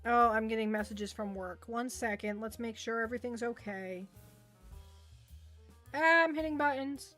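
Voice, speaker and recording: On a livestream, a young woman answers her viewers' chat in a bright, fairly high voice, a little slowly. She rambles and trips over repeated words, with faint music in the background.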